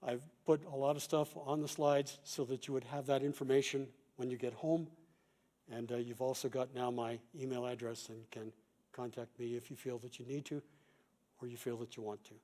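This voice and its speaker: Calm mellow-voiced male pastor. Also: medium pitch. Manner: calm, measured teaching with quoted examples. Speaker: pastor and chaplain. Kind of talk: conference talk.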